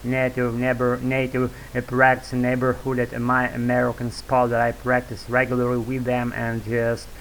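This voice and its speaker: A man's voice: medium pitch, monotone, normal speed, few pauses, fairly bright tone, slight background noise, low-quality recording. A man with a Russian accent, speaking English as a second language, rambling loosely to camera with lots of fillers and restarts. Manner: wordy, loose, filler-heavy, restarts often. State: sore throat. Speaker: YouTube English-learning vlogger.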